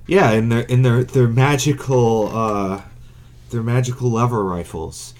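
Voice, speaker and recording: A man co-hosting a gaming podcast, talking in a deadpan way with many halting restarts. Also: mid-range voice. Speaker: podcast co-host. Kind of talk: casual gaming chat.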